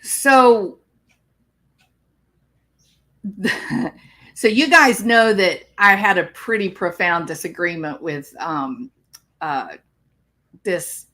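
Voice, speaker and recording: A woman's voice: mid-range voice, pushed and bright. A woman psychologist talking on a live stream, explaining clinical topics and answering viewer comments.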